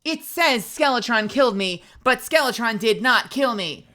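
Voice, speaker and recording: A woman streams a game live, chatting casually, swearing a lot, telling stories and reacting to the play, sometimes erupting in loud outrage. Her voice is a little high with lively intonation, at normal speed.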